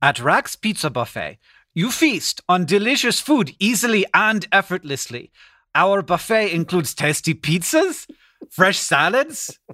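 A man's voice: high-pitched, big pitch swings, very slow, long pauses, bright, forceful tone, dry recording, studio quality, heavily acted. A man reading a restaurant ad aloud in a hammy mock German accent.

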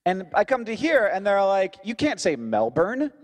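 An American man from Florida co-hosting a live podcast, animated and quick to laugh, with mock exasperation. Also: high voice. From Florida, United States. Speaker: podcast co-host. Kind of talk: live podcast chat before an audience.

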